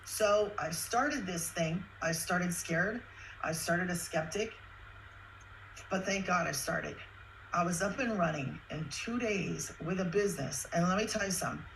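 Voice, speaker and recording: A woman's voice: on the low side, unhurried, a bit bright, slight background noise, poor audio. A woman who is a single mother telling her personal story with earnest emotion, chatty and at times close to tears. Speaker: guest sharing her story.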